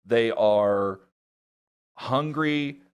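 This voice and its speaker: A man's voice: mid-range voice, drawn-out words, clean tone, dull audio. A man appearing as a guest on a talk show, talking basketball in a laid-back way with dry jokes. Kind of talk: casual sports chat.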